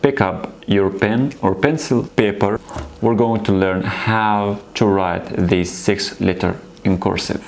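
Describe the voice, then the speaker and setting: A man whose first language is Arabic teaches beginners, speaking slowly and patiently. His voice sits a little low, and he repeats each word encouragingly. A faint hiss of noise runs under the recording. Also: fairly even intonation. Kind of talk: slow beginner language lesson.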